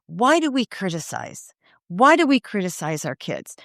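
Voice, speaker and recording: A woman's voice: medium pitch, huge pitch swings, moderate pace, creaky, no room sound, clean studio sound. A middle-aged woman hosting a parenting podcast, talking earnestly and emphatically straight to parents in a live Q&A. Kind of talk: live Q&A advice talk.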